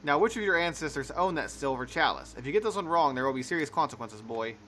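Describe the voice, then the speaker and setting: A man's voice: on the high side, big pitch swings, quick pace, bright, forceful tone, a little hiss or hum, pitched above the performer's own voice. A man voicing a stern, scornful older father who scolds his son in a game. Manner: contemptuous, scolding.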